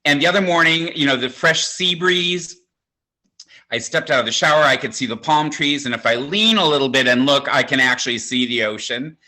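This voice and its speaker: Bright-voiced older man doing stand-up. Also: on the high side, fairly quick. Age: 60s. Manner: campy, conversational, self-mocking delivery. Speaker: stand-up comedian. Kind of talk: stand-up comedy set. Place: home, virtual show.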